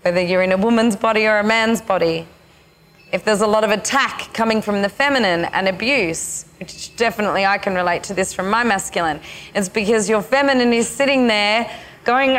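A woman spiritual teacher leading a retreat session, speaking slowly and haltingly with many pauses. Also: mid-range voice, fairly bright tone.

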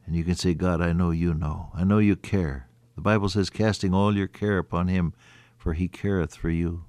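A man preaching an earnest sermon, quoting scripture in old-fashioned wording and rising, then dropping to a hushed voice. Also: low voice, fairly even intonation, moderate pace, dry recording. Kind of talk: radio sermon.

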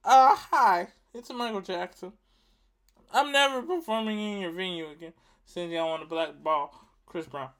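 A man putting on an impression of a soft-spoken famous male pop star on a phone call, polite and breathy in a raised voice. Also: high voice, moderate pace. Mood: firm polite.

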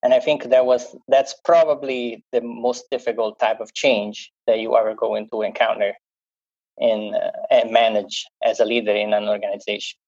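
A man with an Italian accent answers on a podcast panel, halting and full of fillers. His voice is mellow and fairly level in pitch. The recording sounds dull and lo-fi. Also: little pitch movement. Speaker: panel guest.

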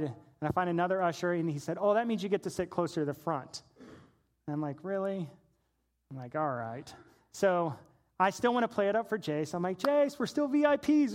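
A man in his forties preaching a sermon, telling a playful personal anecdote and acting out the voices in it. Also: sits high. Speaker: pastor.

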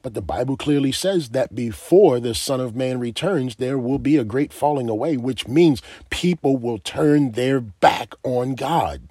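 A man's voice: medium pitch, measured pace, hardly any pauses, warm tone, breathy edge, dry recording, clean studio sound. A man preaching a sermon, emphatic and asking his listeners direct questions.

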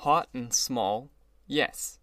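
A man voicing a gloomy, sentimental older gangster, speaking slowly and with heavy emphasis. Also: mid-range voice, fairly bright tone, no room sound. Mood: brooding. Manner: brooding, slow, emphatic.

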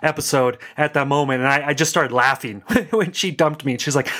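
A man's voice: on the high side, moderate pace, fairly bright tone. A man gives a conversational talk, telling self-deprecating stories with rambling asides. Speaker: speaker giving a talk on life transitions.

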